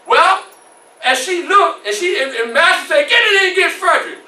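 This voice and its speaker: A male reenactor playing a formerly enslaved man who recounts his youth in an animated one-man stage show, shouting at tense moments, in a library room. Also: very high voice, normal speed, exaggerated voice. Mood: intense. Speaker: historical reenactor. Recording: roomy library room, mic far off.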